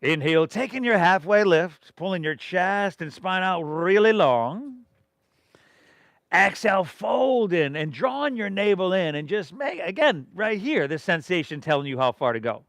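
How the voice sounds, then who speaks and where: A man's voice: high voice, sing-song, normal speed, fairly bright tone, dry recording. A middle-aged man from leading a live yoga class, giving rhythmic breath and pose cues with casual, encouraging asides. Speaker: yoga instructor.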